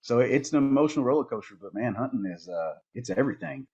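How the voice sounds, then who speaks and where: A man, a podcast guest and hunting outfitter, telling stories in a lively, animated way and often repeating words. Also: medium pitch, quick pace, husky, muffled recording. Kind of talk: casual storytelling conversation.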